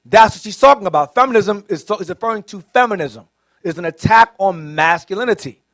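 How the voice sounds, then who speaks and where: Assertive high-voiced deacon. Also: male voice, animated, a little fast, a bit bright, no echo. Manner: assertive, lecturing. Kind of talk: preaching panel talk.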